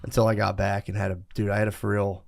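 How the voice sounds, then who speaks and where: A man's voice: lowish voice, completely flat delivery, fast talker, gravelly. A man, telling a rambling, profane story in casual podcast chat. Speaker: podcast co-host.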